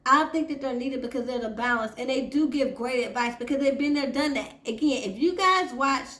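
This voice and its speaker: A high-pitched woman hosts a casual recap of a reality TV episode and talks to her viewers as "y'all". Her voice rings out in an echoey room. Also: a little fast, fairly bright tone. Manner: chatty, addresses viewers as y'all. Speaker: TV recap host.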